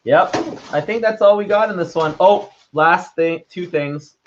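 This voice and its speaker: A man's voice: sits high, a little slow, a little hiss or hum. A young man chatting playfully in a casual vlog and reading his own writing aloud. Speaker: vlogger. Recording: slightly dull lo-fi sound.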